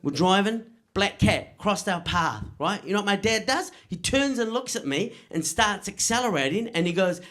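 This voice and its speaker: A man's voice: sits high, moderate pace, hardly any pauses. Punchy New man doing stand-up. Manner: punchy, deadpan delivery with frequent "right?" asides to the crowd. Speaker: stand-up comedian. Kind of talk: stand-up comedy set.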